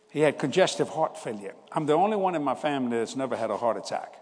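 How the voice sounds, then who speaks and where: Husky-voiced preacher in his seventies. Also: medium pitch, expressive, fast talker, in a large hall. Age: 70s. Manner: folksy, conversational, laughs at his own stories. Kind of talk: storytelling sermon.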